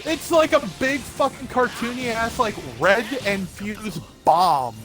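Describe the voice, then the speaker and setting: A man's voice: high voice, a little slow, fairly bright tone. A young man streaming a game, telling a rambling story in casual chat and leaning heavily on filler words. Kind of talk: casual chat while gaming. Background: game music.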